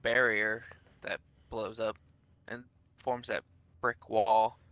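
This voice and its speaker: Easygoing podcast co-host, man, bright and forward tone, dry close sound. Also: on the low side, little pitch movement, slow pace, no echo, muffled recording. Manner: easygoing, agreeing, laughs along. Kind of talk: casual chat.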